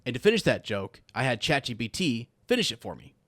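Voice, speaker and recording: A man's voice: medium pitch, big pitch swings, quick pace, fairly bright tone, dry recording, studio quality. A man co-hosting a casual podcast chat, reading jokes aloud, laughing often and stumbling over words. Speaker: podcast co-host.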